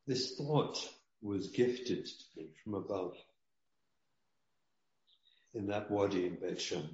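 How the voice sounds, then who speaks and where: A man with a lowish, darkish voice speaks slowly but animatedly as a rabbi and parenting guest in an emotional interview. He is earnest and preachy, often repeating his key lines, and the recording has a dull, roomy sound.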